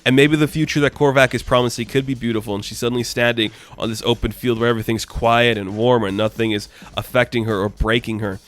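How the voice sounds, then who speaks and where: Male comic reviewer, mid-range voice, chatty and excitable, casual swearing, conversational recap. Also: medium pitch, fast, hardly any pauses. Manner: enthusiastic, chatty, casual swearing, frequent laughs.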